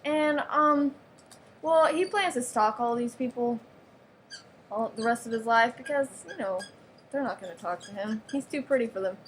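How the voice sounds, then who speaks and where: A woman's voice: fairly high pitch, normal speed, slight background noise. A woman giving a playful, mock-serious show-and-tell of a toy, with giggles and sarcastic asides. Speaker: vlogger showing off a toy.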